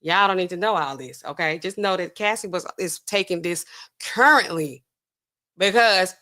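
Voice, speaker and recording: A woman's voice: fairly low pitch, moderate pace, sharp tone. A woman hosting a casual pharmacy commentary, reading drug documents aloud and checking in with "okay?" constantly. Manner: peppers talk with "okay?", skims and reads documents aloud. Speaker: pharmacist host.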